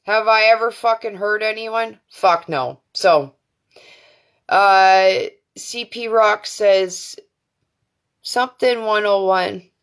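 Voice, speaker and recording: This Canadian woman's voice is medium in pitch, slow, a bit bright, and clear with a resonant tone as she hosts a live stream. Angry and defiant, she rants with profanity and many fillers, heard through a phone or webcam mic.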